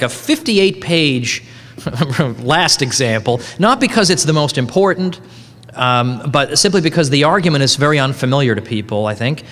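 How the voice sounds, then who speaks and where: A man's voice: mid-range voice, a bit bright, in a large hall. A man giving a conference lecture in a conversational, joking way, often correcting himself mid-sentence. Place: conference hall.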